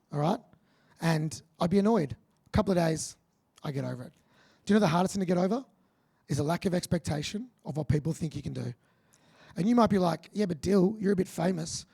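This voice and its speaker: A man with an Australian accent giving a motivational keynote speech to a large audience, energetic and punchy, joking with the crowd. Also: a little high, creaky, husky. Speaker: keynote speaker.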